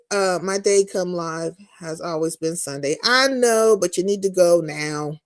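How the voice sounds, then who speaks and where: A woman live streaming, chatting casually with her viewers and answering their comments in a blunt, profane, animated way. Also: mid-range voice, unhurried, hardly any pauses, dry recording, studio quality. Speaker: live streamer and content creator.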